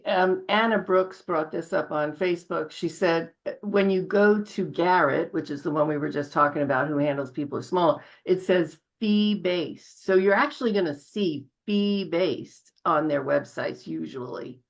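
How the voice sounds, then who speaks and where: Woman host, lowish voice, upbeat, reading out viewer questions. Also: moderate pace, gravelly, hardly any pauses. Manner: upbeat, reads audience questions. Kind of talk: casual video chat.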